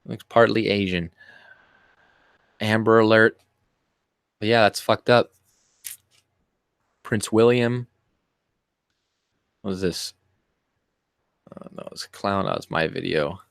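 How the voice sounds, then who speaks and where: A man's voice: on the low side, slow, vocal fry, pauses often, clear, resonant tone, no echo. Profane, scornful man ranting. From Canada. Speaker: commentary vlogger. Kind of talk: ranting screen-share commentary.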